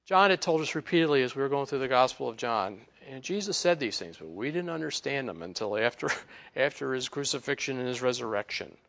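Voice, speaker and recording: A man giving a conversational Bible teaching, casual and animated, chuckling between points. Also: medium pitch, a little fast, creaky.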